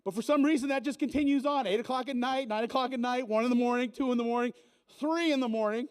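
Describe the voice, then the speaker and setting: A man's voice: very high voice, fast, clear, resonant tone. A man working a live event crowd as emcee, teasing the audience in a playful, joking way on a stage mic. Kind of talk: live comedic emcee set.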